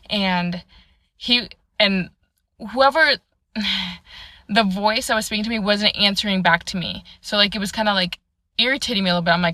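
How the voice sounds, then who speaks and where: A woman's voice: mid-range voice, fairly quick, sharp tone, no room sound. A young woman telling a personal ghost story casually, rambling with many fillers into a close phone mic. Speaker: storyteller in a clip.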